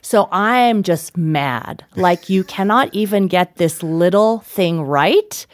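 A woman guest in an interview, an author telling animated stories with frequent laughter. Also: on the low side, takes it slowly, dry recording. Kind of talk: interview storytelling.

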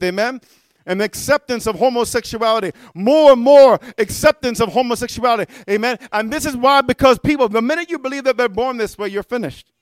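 A man preaching a fervent sermon, often calling out "amen?" and sometimes shouting. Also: very high-pitched, no echo, clean studio sound. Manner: fervent, punctuates with "amen?" and "hallelujah"; rises to shouting at times.

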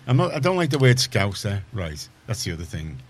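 Liverpool man, radio host, very low voice, rambling chatty talk with faint background hiss. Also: big pitch swings, brisk. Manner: rambling, chatty, many restarts. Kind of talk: casual studio chat. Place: community radio studio.

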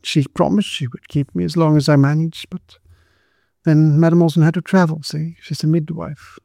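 Guy doing a shrill scared young girl, stammers and lisps, pitched way up. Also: flat delivery, normal speed, vocal fry, warm tone, no room sound, clean studio sound. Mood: explaining. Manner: stammering, pleading. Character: poor timid young woman, shrill and lisping.

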